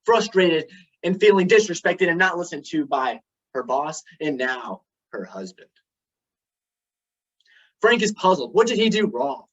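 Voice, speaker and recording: A man's voice: high voice, sing-song, fairly bright tone, breathy edge. Man giving a storytelling speech. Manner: storytelling, dramatic pauses. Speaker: club speaker. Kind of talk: prepared speech. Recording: dull lo-fi recording.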